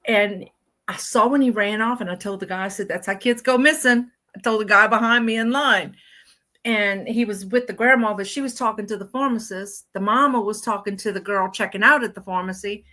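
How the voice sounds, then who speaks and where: Bright-voiced animated woman. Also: medium pitch, a little fast. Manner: animated storyteller, acts out quoted voices. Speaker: co-host. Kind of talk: casual chat.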